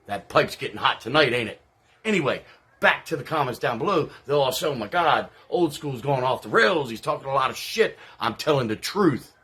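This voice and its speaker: A man playing a salty, husky veteran wrestler. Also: mid-range voice, fairly bright tone, heavily acted. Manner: brash, profane, taunting. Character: salty veteran male wrestler, brash and contemptuous. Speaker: promo wrestler persona. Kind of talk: wrestling trash-talk promo.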